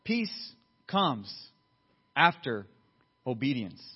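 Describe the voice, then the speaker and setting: A man preaching a sermon in church, swinging between loud emphatic lines and quiet low asides. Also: big pitch swings, drawn-out words, slightly rough, highs cut off. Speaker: pastor. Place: church sanctuary.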